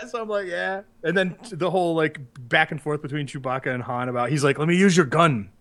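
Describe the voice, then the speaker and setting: A man co-hosting a podcast in casual chat, animated and profane, who acts out movie lines with sudden loud yelps. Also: on the high side, brisk. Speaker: podcast co-host.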